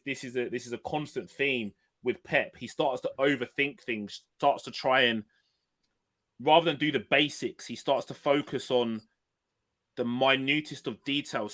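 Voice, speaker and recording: A man with a bright, forceful voice, co-hosting a football podcast. He talks with blunt passion and swears freely. The chat is loose and conversational. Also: medium pitch, moderate pace. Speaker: podcast co-host.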